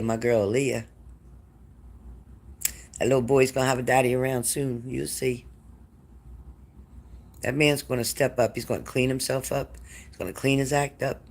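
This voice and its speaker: A psychic reader with a mid-range voice hosts a live stream of readings. Addressing his viewers by name, he becomes increasingly emotional.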